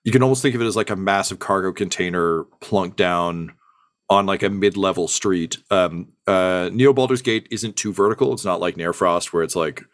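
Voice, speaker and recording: A man's voice: low voice, moderate pace, no room sound, clean studio sound. A man narrating a tabletop game as game master, rambling with many ums and uhs.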